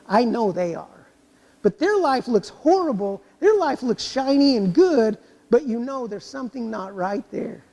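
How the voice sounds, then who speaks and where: A man's voice: extremely high pitch, animated, normal speed, dark tone. A male pastor preaching a sermon in a church, driving points home with rhetorical questions and acting out inner voices. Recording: long hall reverb.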